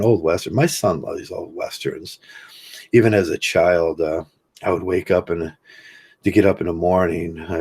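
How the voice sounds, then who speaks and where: An older man hosting a livestream, talking casually in a rambling, halting way with many fillers while he reads chat comments. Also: sits low, vocal fry, a little mellow, husky. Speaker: livestream host.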